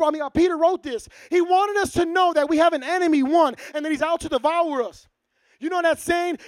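A man preaching a sermon to his church, casual and lively, acting out short dialogues. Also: extremely high pitch, a little fast, no echo. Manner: casual, acts out little dialogues. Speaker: pastor.

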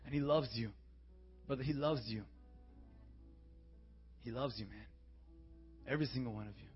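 A young man preaching as a youth pastor, calling for amens and swinging from quiet, intimate talk to shouted declarations. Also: mid-range voice, moderate pace, slightly rough. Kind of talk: sermon. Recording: dull, muffled sound with faint music.

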